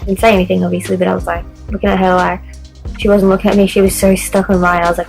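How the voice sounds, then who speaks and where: Young aussie woman rambling a story to camera, swears a lot, creaky voice, bit of music in the background. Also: on the low side, level tone, fast, low-quality recording. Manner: chatty, swears a lot, says like constantly. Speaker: vlogger.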